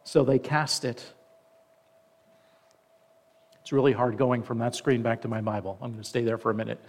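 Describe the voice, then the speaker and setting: A man preaching a sermon. He reads scripture aloud, slows down for the quoted lines, and stops now and then to comment. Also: mid-range voice, steady tone. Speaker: pastor.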